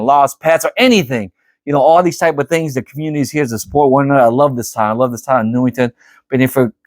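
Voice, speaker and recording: A middle-aged man telling a story to camera in a casual, animated, rambling way, often repeating himself. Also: mid-range voice, no room sound, clean studio sound. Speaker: vlogger.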